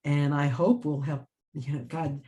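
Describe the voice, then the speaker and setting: Energetic woman telling a story in a relaxed interview. She rambles warmly from one thought to the next, breaks off to laugh, and restarts her sentences as ideas come. Her speech sounds lively and unscripted. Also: sits low, unhurried. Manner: laughs often and restarts phrases. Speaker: author and writing teacher. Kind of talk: casual interview chat.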